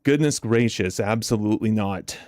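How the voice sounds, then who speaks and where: A man's voice: fairly low pitch, normal speed, dry recording. Male streamer host, casual and chatty, with a lot of restarts. Dry, close sound. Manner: chatty, repeats words and restarts often; animated storyteller. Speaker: trading live-stream host. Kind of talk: casual live-stream commentary.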